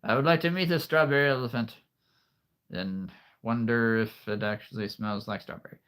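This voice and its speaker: A man's voice: medium pitch, moderate pace, a bit bright, clear, resonant tone. A man hosting a casual livestream, rambling through viewer comments with frequent chuckles and playful wordplay, a little out of breath. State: a bit out of breath. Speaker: livestream host, figure collector.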